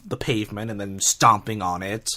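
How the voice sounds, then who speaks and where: A very low-pitched man chatting casually as a podcast co-host. He talks in halting bursts, piles up fillers and restarts his sentences, and laughs and swears freely. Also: pushed and bright. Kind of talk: casual recap chat.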